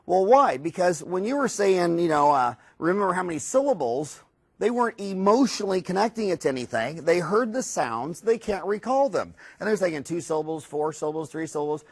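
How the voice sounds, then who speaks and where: A man, a dentist, giving a recorded lecture in a rambling, animated storytelling way, with many fillers and restarts. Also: high voice, fairly quick, husky. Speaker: dentist teaching a course.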